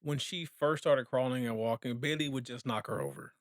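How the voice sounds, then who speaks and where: A man's voice: mid-range voice, dry recording, clean studio sound. A man co-hosting a family podcast, chatting and joking with his co-host. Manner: joking, quick back-and-forth. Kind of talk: casual chat.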